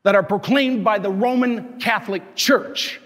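Male priest, high-pitched, angry emphatic homily, long church echo. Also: unhurried, fairly bright tone. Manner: impassioned, scolding, emphatic preaching. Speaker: Catholic parish priest. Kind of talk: sermon.

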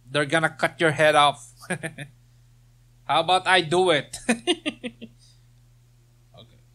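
Man for a let's play: slightly higher voice, unhurried, joking and laughing over the quests. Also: fairly even intonation, pushed and bright. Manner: reads quest text aloud, joking and laughing. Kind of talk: casual gameplay commentary.

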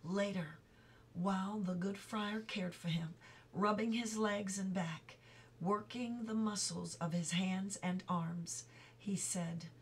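A woman reading a children's book aloud, slowly and carefully, with small slips she stops to correct. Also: mid-range voice, steady tone, recorded from a distance, a little hiss or hum, rough recording. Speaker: reader.

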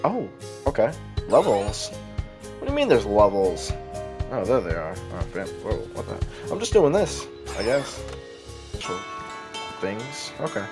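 A man's voice: lowish voice, wildly swooping pitch, measured pace, long pauses, over music. A man hosting a casual gameplay video, reacting sarcastically and swearing freely. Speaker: gaming channel host. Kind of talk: casual let's-play commentary.

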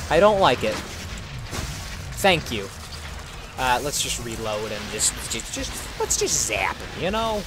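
A man hosting playful gameplay commentary, excitable and goofy, tossing in silly sound effects. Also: fairly high pitch, measured pace, over music. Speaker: gaming channel host.

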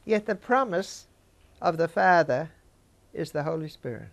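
Older woman, Bible teacher, conversational, gravelly voice with a little fry. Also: low voice, lively intonation, a little slow. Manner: conversational, chats with listeners.

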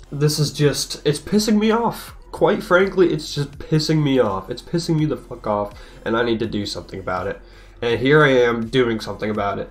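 Profane young man rambling over gameplay. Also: mid-range voice. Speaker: gaming streamer. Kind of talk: casual gameplay commentary. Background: game music.

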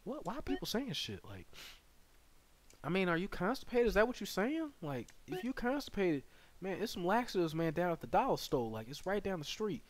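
A man streaming a game live, chatting with viewers and bursting into loud excited yells. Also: high voice, a little fast. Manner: excitable, bursts into loud yelling, banters with chat. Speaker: gaming streamer. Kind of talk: live gameplay commentary.

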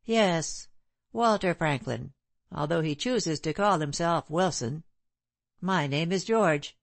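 A woman reading the part of a proud, bitter gentleman who speaks in a sneering, clipped way. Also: fairly low pitch, takes it slowly, gravelly, no room sound. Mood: scornful. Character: proud bitter middle-aged gentleman, scornful.

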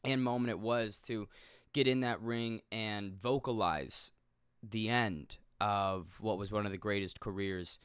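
A man commenting casually on a video, blunt and animated, swearing now and then. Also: lowish voice, unhurried, clean tone, no echo, studio quality. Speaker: YouTube commentator.

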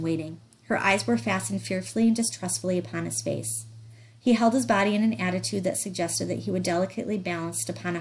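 A woman reader gives measured, steady literary audiobook narration. Her voice sits a little low and unhurried through the prose. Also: rough recording. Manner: measured, even reading of descriptive prose.

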